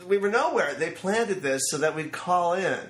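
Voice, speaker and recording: A man's voice: high voice, moderate pace, reverberant. A man in his fifties, a screenwriter guest telling stories on a studio mic, acting out the voices of people he quotes. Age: 50s. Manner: animated storyteller who acts out quotes. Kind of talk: anecdotal storytelling interview. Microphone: studio microphone.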